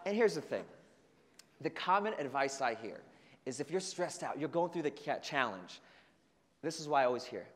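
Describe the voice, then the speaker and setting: A man giving an energetic motivational talk to a student leadership conference, telling stories and acting out the voices. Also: mid-range voice, moderate pace, long pauses. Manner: energetic storytelling with acted-out voices. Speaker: keynote speaker. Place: large conference hall. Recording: long hall reverb.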